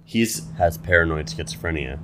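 A young man in casual chat as a podcast co-host, making dry, deadpan jokes. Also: extremely low pitch, moderate pace, a little hiss or hum.

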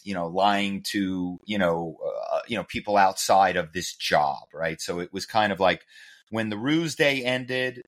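A man from the Philadelphia area, a guest telling stories in an animated, self-amused way in an interview. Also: on the low side. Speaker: guest, author and former corporate spy. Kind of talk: conversational interview storytelling.

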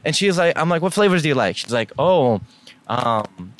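A man's voice: fairly high pitch, normal speed. A young man from the Middle East tells a story in a slightly raised voice, laughing easily and acting out each person in the scene. A faint hum sits under his voice. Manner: animated, laughing storyteller acting out both sides of conversations. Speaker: podcast host telling a story. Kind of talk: casual storytelling chat.

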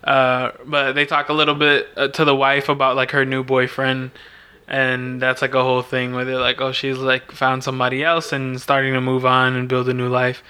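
A man's voice: mid-range voice, monotone, moderate pace, sharp tone, clean tone. A man chatting casually as a podcast co-host, laid-back, filling his talk with "like" and laughing often. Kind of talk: casual chat recapping a film.

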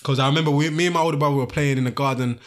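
Young man, quick, mid-pitched, relaxed storyteller. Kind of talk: casual chat.

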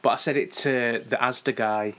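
A man's voice: medium pitch, steady tone, normal speed, fairly bright tone. Man, thirties, casual podcast chat, laid-back, dry wit, storytelling. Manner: laid-back, dry humour, tells anecdotes. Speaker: podcast co-host.

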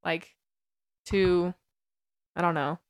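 A woman's voice: lowish voice, steady tone, smooth, no room sound, clean studio sound. A woman co-hosting a podcast, reacting emphatically in casual conversation. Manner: emphatic, reacts with quick agreement. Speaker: podcast co-host. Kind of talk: casual chat.

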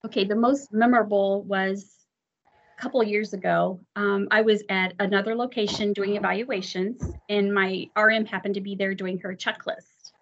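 A woman's voice: medium pitch, steady tone, moderate pace, a little hiss or hum. A woman who works as a drive examiner, telling a long story from the job in a chatty, self-deprecating way. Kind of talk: storytelling in an interview. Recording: muffled audio.

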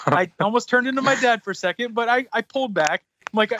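A high-voiced, fast-talking podcast host gets worked up retelling a frustrating story, profanity flying throughout in a casual but animated way. There's slight background noise.

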